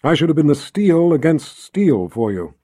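A man's voice: on the high side, sing-song, normal speed, dark tone, dry recording, studio quality. Tom, an earnest young warrior, read by a man.

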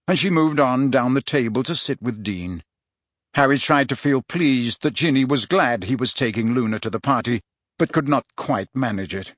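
A man reading a novel aloud as narrator, in measured, expressive storytelling. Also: mid-range voice, no room sound, clean studio sound. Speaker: audiobook narrator. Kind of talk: scripted narration.

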